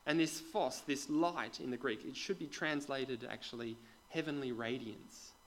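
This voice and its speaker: A man of middle pitch delivers a sermon in a church, talking to the congregation like a conversation. He puts questions straight to the people listening and often drops into soft, quiet asides. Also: normal speed, slight background noise, rough recording. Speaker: preacher.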